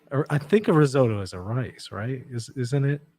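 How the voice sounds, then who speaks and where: A man hosting a livestream, reading out viewer comments in relaxed, self-mocking chat and laughing often. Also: medium pitch, a little slow. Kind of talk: casual chat.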